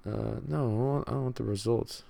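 A man's voice: medium pitch, a little fast, gravelly, warm tone. A young man hosting a casual sports podcast, laid-back and slangy, thinking aloud with lots of fillers. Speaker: podcast host.

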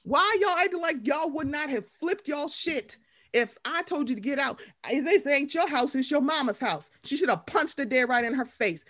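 Woman co-host, high and very lively voice, profane, fiery storyteller. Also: normal speed, no room sound, studio quality. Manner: profane, animated, acts out quoted voices. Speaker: podcast co-host. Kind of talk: casual reality-TV recap chat.

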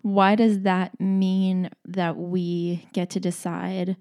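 A woman's voice: fairly low pitch, little pitch movement, takes it slowly, a little mellow. A woman in her twenties talking casually to camera, chatty and full of filler words. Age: 20s. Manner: chatty, frequent "like" fillers and restarts. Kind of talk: casual vlog talk.

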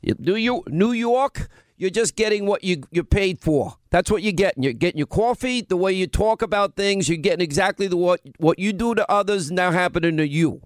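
A man's voice: high voice, animated, fairly quick, no room sound. A middle-aged man hosting a political talk radio show, emphatic and scoffing as he argues his point into a studio microphone. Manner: emphatic, scoffing, mocks opponents.

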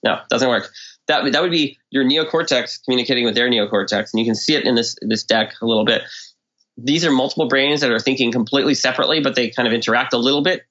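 A man of middle pitch explaining his ideas as a podcast guest, now and then slipping into little acted-out quotes. His voice moves up and down with energy. The sound is a bit dull and lo-fi. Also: quick pace. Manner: animated, acts out quoted speech with swings in tone. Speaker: guest expert. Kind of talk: conversational explanation.

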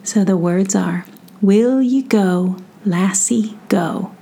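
Speaking slowly in a medium-pitched, breathy near-whisper, a middle-aged woman addresses young listeners directly on her children's podcast. Her tone is soft and affectionate.

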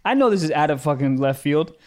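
A young man co-hosting a podcast, goofy and excitable, swearing freely. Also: fairly high pitch, brisk. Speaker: podcast co-host. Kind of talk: casual chat.

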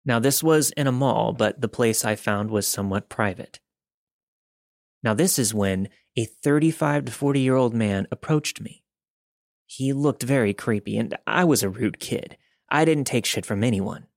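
A man's voice: medium pitch, normal speed, gravelly, no echo. Man reading a story in a dry voice. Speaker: podcast host reading listener stories. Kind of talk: scripted first-person narration.

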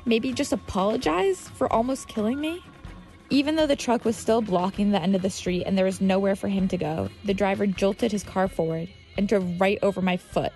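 A woman's voice: mid-range voice, a little mellow. A woman reading a personal story aloud, with vivid, dramatic delivery.

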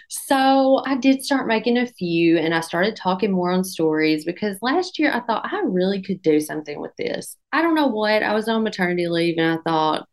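Gravelly-voiced woman, self-deprecating storyteller. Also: mid-range voice, moderate pace, few pauses. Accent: regional accent. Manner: self-deprecating, animated storytelling, laughs often. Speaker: guest, dietitian and content creator. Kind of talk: casual interview chat.

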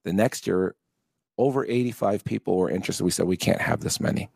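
Gravelly deep-voiced man in his fifties. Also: brisk, no room sound, studio quality. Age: 50s. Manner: animated, acts out quoted voices, laughs often. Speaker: guest, charity co-founder. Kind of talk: casual interview storytelling.

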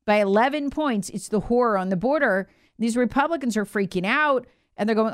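A woman's voice: a little high, animated, a little fast, hardly any pauses, clear, resonant tone, no echo, studio quality. A woman hosting a political commentary show, talking in an emphatic, indignant monologue with sarcastic asides.

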